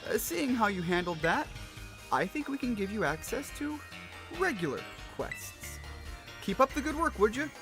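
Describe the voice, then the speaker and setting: A man reading aloud the lines of a cheerful male professor in a video game, slightly higher and softer than his normal voice. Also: very animated, normal speed, over music, heavily acted. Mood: encouraging.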